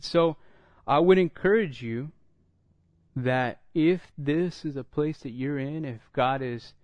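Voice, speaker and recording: A middle-aged man preaching a sermon, telling stories and acting out the dialogue, getting louder and higher when excited. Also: no echo. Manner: animated storytelling, acts out dialogue, rises when excited. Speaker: pastor.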